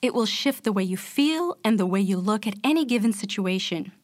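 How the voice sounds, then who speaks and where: A woman giving a self-help talk as a motivational speaker, explaining calmly and speaking straight to the listener. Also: mid-range voice, a little fast, dry recording, studio quality. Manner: calm, explanatory, addresses the listener directly.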